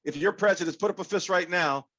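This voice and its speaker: A man giving an animated, interactive workshop talk over a video call, leading the audience in call-and-response. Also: sits high, quick pace, dull audio. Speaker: workshop speaker.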